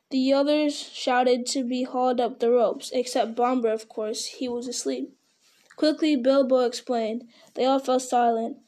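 A woman's voice: high voice, mellow. A woman reading a novel aloud in an unpolished way, stumbling over words and restarting them. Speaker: reader.

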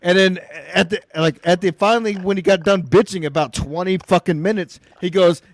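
A man's voice: high-pitched, fairly quick, hardly any pauses, no echo. A man co-hosting a podcast, swearing and laughing through rowdy casual banter. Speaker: podcast co-host.

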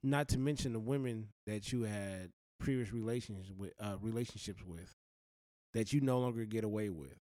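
A man's voice: lowish voice, moderate pace, dark tone, no echo. A man giving earnest, blunt life advice in a slangy, heartfelt monologue.

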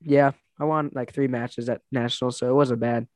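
A young man in casual chat, rambling through a story with plenty of "like" and "um" and bursts of laughter. His voice sits at an ordinary middle pitch, recorded close and dry with no room sound. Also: steady tone, normal speed, darkish tone, dry recording. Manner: rambling, laughing, lots of fillers. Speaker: wrestler telling stories.

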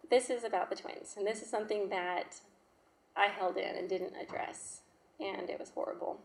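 A woman's voice: medium pitch, fairly even intonation, creaky. Lady in her 30s telling her story, emotional, stops and restarts a lot, echoey room. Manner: emotional, halting, with fillers and restarts. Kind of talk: personal testimony.

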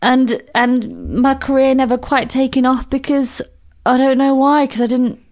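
A British woman in her thirties, a comedian guest in casual podcast chat, animated and swearing freely. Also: high-pitched, moderate pace. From Britain. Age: 30s. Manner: animated, swears freely, acts out quoted voices.

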